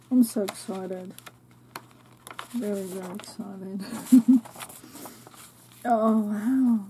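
A woman host of a crafting channel, unboxing a craft swap package and gushing over each item in soft exclamations and whispers. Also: on the high side, extremely slow, pauses often, noisy background.

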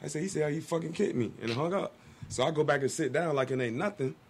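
Fast-talking man telling stories. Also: on the high side, breathy edge. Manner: animated, acts out quotes. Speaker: guest storyteller. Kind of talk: casual storytelling.

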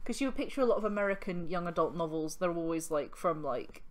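A woman co-hosts a casual reaction commentary with a lowish voice. She throws in dry, jokey quips between her partner's remarks. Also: expressive, fast. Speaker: co-host.

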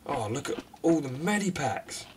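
A man's voice: fairly high pitch, big pitch swings, distant mic. Man, let's play commentary, sarcastic and self-mocking, mic set back, audible background noise. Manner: sarcastic, self-mocking, quick outbursts at the game. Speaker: gaming commentator.

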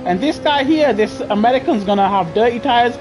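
A man with a British accent giving chatty, excitable live commentary on a racing game over a headset mic, laughing often and grumbling in mock outrage. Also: extremely high pitch, brisk, over music. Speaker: gaming streamer. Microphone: gaming headset.

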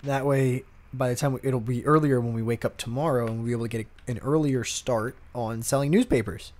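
A man's voice: mid-range voice, fairly even intonation, brisk, a little mellow. A man casually commenting while playing a video game, chatting to himself about what happens on screen. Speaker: let's play host.

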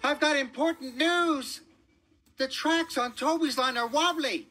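A man voicing a small, eager, anxious young male steam engine with squeaky, excited cries. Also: moderate pace, husky, soft background music, heavily acted. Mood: alarmed.

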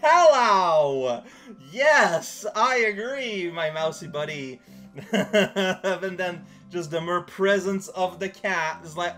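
Slow-talking, giggly gaming man. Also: high-pitched, expressive, fairly bright tone, faint music behind. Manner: giggly, rambling, jokey asides. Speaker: let's play commentator. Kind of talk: casual game commentary.

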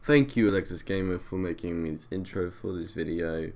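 A man giving a brisk, offhand announcement to his channel's viewers before a video. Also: sits low, creaky, a little mellow. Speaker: channel host.

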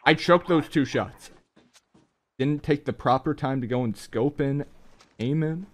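Excitable young man commentating mobile gameplay. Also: unhurried. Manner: excitable, with sudden high yelps and laughs; casual slangy chatter to his viewers. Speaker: mobile game streamer.

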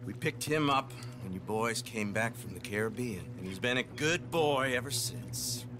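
An actor playing a cold, menacing middle-aged detective in a video game, speaking calmly and tauntingly. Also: male voice, mid-range voice, moderate pace, lightly acted. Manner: calm, taunting, smug. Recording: game soundtrack music behind.

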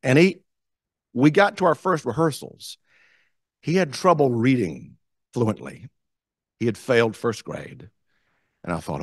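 A man telling a story as guest speaker at a club meeting, animated, acting out the quotes. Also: mid-range voice, measured pace, long pauses, dry recording, studio quality. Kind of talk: storytelling speech. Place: meeting room.

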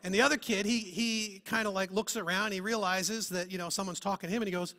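A man's voice: high-pitched, fairly even intonation, brisk, few pauses, bright, forceful tone. A man preaching a sermon as pastor, talking earnestly and asking his listeners many rhetorical questions. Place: church.

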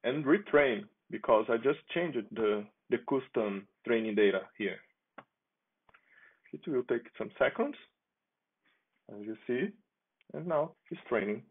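Man, software demo, casual, gravelly, husky, phone-like sound. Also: medium pitch, animated. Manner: unhurried, halting, chuckles while he talks. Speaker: software developer presenting his project. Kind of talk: casual screen-share demo. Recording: tinny phone-like lo-fi audio.

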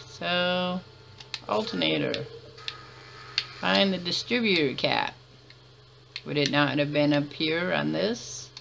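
A woman's voice: on the low side, gravelly, noisy background. A woman giving chatty let's-play commentary, laughing often and muttering to herself as she plays. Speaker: gamer.

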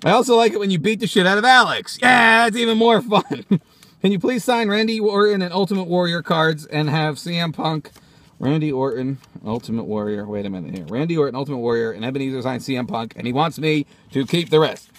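A man hosting a toy-show vlog from inside his car, reading fan mail and reacting with excitable, profane, yelling rants. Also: fairly high pitch, a little fast. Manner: excitable, swearing, yelling outbursts. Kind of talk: profane comedic vlog rant.

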